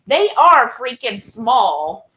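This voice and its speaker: A woman's voice: fairly high pitch, big pitch swings, very slow, a bit bright, slight background noise, rough recording. A woman co-hosting a cooking video from her home kitchen, chatting casually and reading viewer comments. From Texas. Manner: chatty, says "y'all" often. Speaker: cooking channel co-host.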